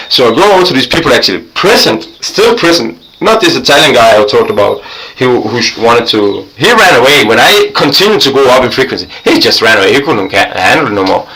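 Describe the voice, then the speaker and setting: Profane, excitable man with bright voice. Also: mid-range voice, fairly quick, rough recording. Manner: profane, excitable, swings between loud and quiet. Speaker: vlogger. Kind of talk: rambling storytelling monologue.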